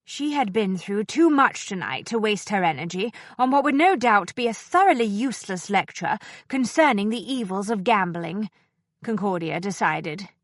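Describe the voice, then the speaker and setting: In clean studio sound with no room tone, a woman narrates an audiobook. She tells the story at a measured pace and with plenty of expression, her pitch staying medium.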